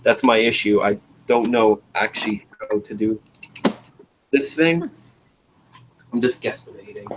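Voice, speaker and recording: A man's voice: lowish voice, measured pace, pauses often, background noise. A man hosting a casual stream, talking in a laid-back way and thinking aloud while he builds. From northeastern Pennsylvania, USA. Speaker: stream host building a toy train station. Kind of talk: casual chat.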